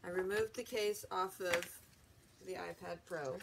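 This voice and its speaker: A woman's voice: lowish voice, fairly even intonation, unhurried, creaky, background noise. Chatty woman rambling through an unboxing. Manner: chatty, rambling, self-correcting. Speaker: vlog host. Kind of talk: casual unboxing chat.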